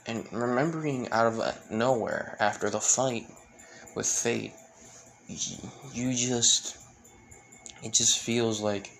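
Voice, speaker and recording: A man's voice: medium pitch, gravelly, a bit bright. Man, rambling fan story retelling, lots of fillers, self-corrections, faint background noise.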